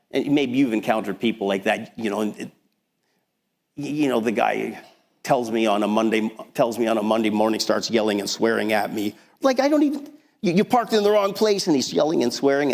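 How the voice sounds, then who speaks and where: A man preaching a sermon as pastor, talking in a conversational, animated way with frequent restarts. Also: medium pitch, gravelly. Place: church sanctuary. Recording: long hall reverb.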